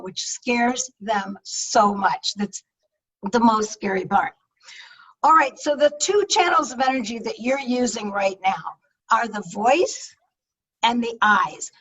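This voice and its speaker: Energetic woman coaching over a video call. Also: on the high side. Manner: energetic, emphatic, conversational. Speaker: speaking coach. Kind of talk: webinar talk on public speaking. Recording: distant-sounding video call audio.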